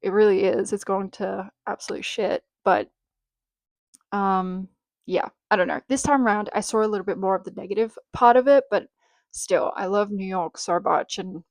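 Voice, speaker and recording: Australian woman, young, casual podcast host, filler-heavy chat, mid pitch, dry close sound. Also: normal speed, no echo. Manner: chatty, frequent "um" and "like" fillers, swears casually.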